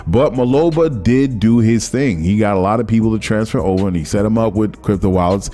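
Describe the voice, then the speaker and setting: A man with a low, mellow voice hosts his own podcast, chatting casually and loosely. He rambles and stops to hunt for the right word. Soft music sits faintly under him. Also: a little fast. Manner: rambling, conversational, searches for words. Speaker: podcast host. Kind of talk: casual solo commentary.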